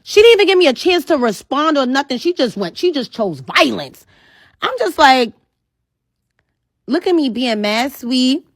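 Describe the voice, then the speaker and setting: A young woman with a high, light voice tells a messy personal story in a casual rant. She is animated and exasperated, and she swears freely as she vents to her listeners. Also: normal speed. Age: young adult.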